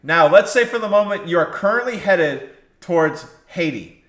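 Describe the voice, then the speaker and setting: A man's voice: sits high, animated, normal speed, a bit bright, reverberant. A man preaching a sermon, exhorting his listeners and repeating key phrases for emphasis.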